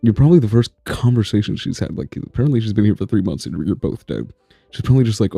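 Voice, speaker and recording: A man's voice: fairly low pitch, animated, fast talker, vocal fry, warm tone, slightly rough, no room sound, studio quality, faint music behind. A man streaming a story game, reading its text aloud and commenting with swearing and laughter.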